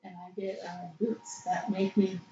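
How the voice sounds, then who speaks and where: Slow-talking woman playing a tabletop game. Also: mid-range voice, flat delivery, mellow, slight background noise. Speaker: player. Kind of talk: casual tabletop game chat. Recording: echoey, dull lo-fi sound.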